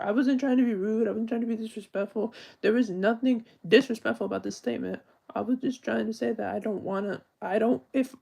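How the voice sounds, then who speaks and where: Young male streamer, very gravelly and husky, earnest and rambling in an unscripted live-stream talk. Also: high-pitched, a little mellow. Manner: earnest, rambling, self-correcting.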